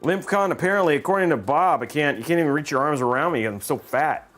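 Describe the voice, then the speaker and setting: A man's voice: fairly high pitch, expressive, fast talker, fairly bright tone, soft background music. A man hosting a livestream, chatting casually in a rambling, joking way and laughing often. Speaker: livestream host.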